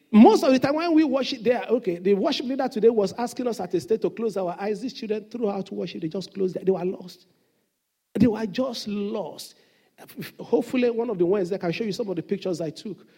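Male pastor, sermon delivery; high-pitched, warm and mellow tone, earnest storyteller who stumbles and restarts. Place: church service.

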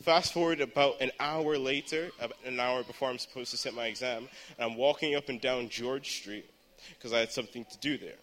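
A teenage boy gives an earnest youth sermon in a church hall, at times rising to fervent shouting. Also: mid-range voice, a little fast. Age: teens. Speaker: teen speaker at church service.

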